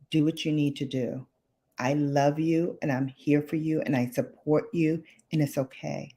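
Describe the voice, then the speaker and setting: A woman's voice: low-pitched, fairly even intonation, moderate pace, darkish tone. A middle-aged woman hosting a late-night livestream chat, speaking emotionally and close to tears, repeating phrases for emphasis. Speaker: livestream host.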